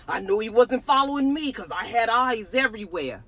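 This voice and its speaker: A woman's voice: on the high side, a little fast, few pauses, dry recording. A woman giving a sassy, casual recap of a TV episode as the show's reviewer. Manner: sassy, animated, cursing. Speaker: TV show reviewer.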